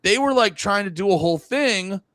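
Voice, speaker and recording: A man's voice: high-pitched, animated, normal speed, a bit bright, no echo. A young man co-hosting a podcast, chatting loosely, swearing and restarting his sentences. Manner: loose, profane, rambling with restarts. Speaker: podcast co-host. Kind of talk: casual chat.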